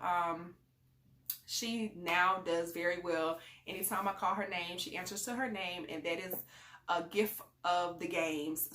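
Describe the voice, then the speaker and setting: A woman with a mid-range, somewhat bright voice chats about parenting on her channel, rambling conversationally with lots of fillers. The room she's in is echoey.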